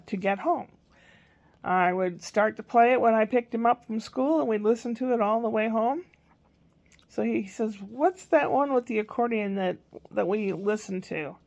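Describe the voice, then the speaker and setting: Chatty older woman with a gravelly voice. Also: mid-range voice. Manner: chatty, rambling, quotes a small child in a raised voice. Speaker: grandmother vlogger. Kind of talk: casual storytelling.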